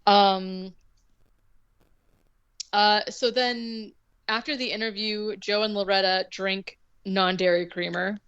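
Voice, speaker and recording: A woman's voice: medium pitch, steady tone, slow pace, long pauses, a bit bright, clear, resonant tone, muffled recording. A woman co-hosting a podcast, loosely recapping a movie plot with lots of filler words and restarts. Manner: rambling summary full of filler words. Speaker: podcast co-host.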